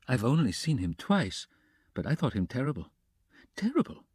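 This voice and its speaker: A frightened older mother, read by a man, frets and exclaims in an audiobook. Her lines come softly and plainly, recorded dry and close. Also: mid-range voice, sing-song, normal speed, breathy edge, no room sound. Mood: fretful. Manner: fretful, exclaiming.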